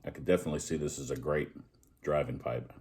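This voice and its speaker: A man's voice: very deep voice, fast. A man casually chatting as he reviews a pipe, rambling and joking at his own expense while he smokes. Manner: relaxed, rambling, joking at himself. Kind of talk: casual vlog chat.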